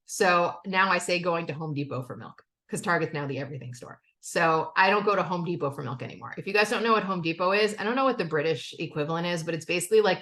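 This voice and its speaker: A middle-aged woman speaking candidly in a recovery step study. She talks casually with frequent "okay?" and "like" and swears freely. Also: lowish voice. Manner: candid, animated, acts out quotes of family. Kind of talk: personal share in a recovery meeting.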